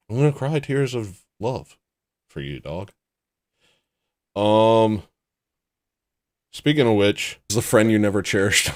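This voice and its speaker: Male streamer host, low voice, dry close mic, self-mocking rambling banter. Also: dry recording. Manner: rambling, self-mocking jokes, greets chatters by name. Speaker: livestream host. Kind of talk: casual livestream chat.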